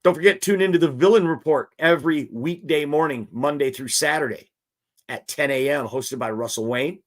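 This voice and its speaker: A man hosts a live-streamed football show, talking casually and animatedly as he reads out viewers' comments and reacts to them. His voice sits a little high for a man. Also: normal speed.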